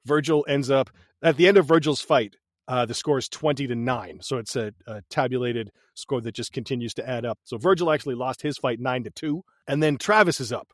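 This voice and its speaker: A man co-hosting a podcast, recapping a movie in casual chat, animated and profane, laughing often. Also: medium pitch, fairly quick, no echo, clean studio sound. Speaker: podcast co-host.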